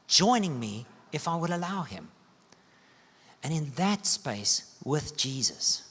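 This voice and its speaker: A male pastor preaching a sermon, telling stories with sweeping rises and soft, hushed dips. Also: on the high side. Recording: long church-hall reverb.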